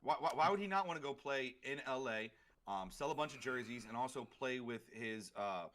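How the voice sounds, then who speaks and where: A man's voice: medium pitch, fairly bright tone. A man co-hosting a sports podcast in casual talk, rambling through his points with lots of fillers and restarts. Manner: rambling, filler-heavy, quick talker. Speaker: podcast co-host.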